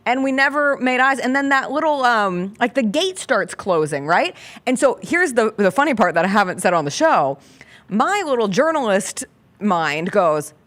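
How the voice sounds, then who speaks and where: A woman's voice: fairly high pitch, a little fast. A woman hosting a casual sports talk show, telling a story with lots of laughter. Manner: animated storytelling, laughing often. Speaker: host. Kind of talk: casual chat.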